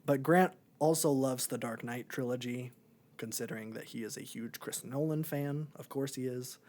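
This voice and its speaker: Young guy on a podcast, rambly and relaxed, lots of ums, just chatting. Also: medium pitch, normal speed. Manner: rambling, filler-heavy, laid-back. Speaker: podcast co-host. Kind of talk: casual movie review chat.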